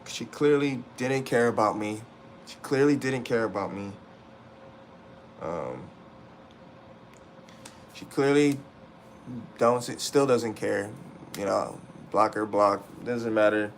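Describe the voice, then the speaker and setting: A man's voice: lowish voice, a little hiss or hum. A young man livestreaming from indoors, venting raw and profane to his chat, upset and frustrated, repeating himself as he rants. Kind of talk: emotional livestream rant to chat.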